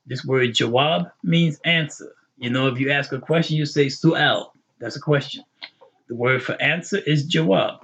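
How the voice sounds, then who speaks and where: A man teaching an online Arabic grammar lesson, explaining patiently and repeating terms with quick English glosses. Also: a little high, fairly bright tone, slightly rough, highs cut off.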